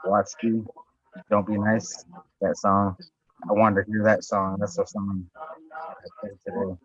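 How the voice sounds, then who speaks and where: A man's voice: lowish voice, takes it slowly, fairly bright tone, breathy edge, no echo, highs cut off. A man chatting casually and rambling, swearing a lot and filling his talk with likes. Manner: rambling, heavy swearing, lots of fillers. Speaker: podcast host. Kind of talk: casual chat.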